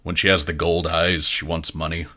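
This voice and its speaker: Game master doing a plain-spoken male adventurer. Deep, bright, low-key. Own voice, barely altered. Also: little pitch movement, normal speed, exaggerated voice. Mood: earnest.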